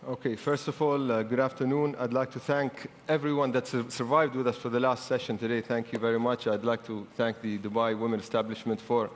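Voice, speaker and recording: Measured male panelist with hesitant pauses. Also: mid-range voice, flat delivery. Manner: measured, polite, frequent hesitations. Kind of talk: formal panel remarks. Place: large conference hall. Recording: reverberant hall, faint room noise.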